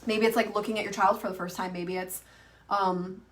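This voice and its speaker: A woman's voice: mid-range voice, fairly even intonation, brisk, distant mic. A woman in her thirties, an online coach, teaching in a chatty, rambling way full of fillers and restarts. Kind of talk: casual teaching to camera.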